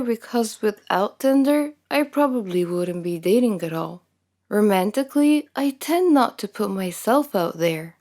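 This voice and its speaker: A woman's voice: a little high, warm tone. A young adult woman narrating a first-person story from a script, candid and self-deprecating.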